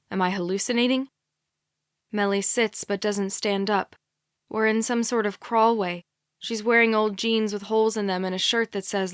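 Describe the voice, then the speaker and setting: A woman narrating a young adult thriller audiobook in a quiet, measured first-person reading. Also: medium pitch, smooth, dry recording, clean studio sound. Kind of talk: scripted narration.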